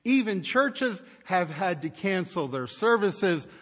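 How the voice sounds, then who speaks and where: Male preacher, slow and wry, with a higher voice and a long church echo. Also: sing-song, a bit bright. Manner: wry, exasperated storytelling with rhetorical questions. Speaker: pastor. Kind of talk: sermon.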